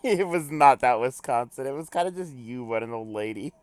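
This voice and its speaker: A man hosting a casual reading of a webcomic, who breaks off into quick joking asides. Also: medium pitch, lively intonation, dry recording. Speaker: host reading a webcomic aloud. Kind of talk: casual live reading with chat.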